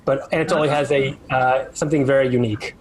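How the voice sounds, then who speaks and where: A man's voice: medium pitch, fairly even intonation, fast talker, a crowd in the background, low-quality recording. A man narrating a live tabletop game as dungeon master, describing scenes in a rambling way with many fillers.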